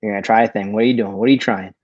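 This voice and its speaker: A man co-hosting a casual online show. He tells stories in an animated way and swears a lot. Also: lowish voice, very fast, no room sound, lo-fi sound. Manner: profane, animated storytelling. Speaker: podcast co-host. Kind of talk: casual chat.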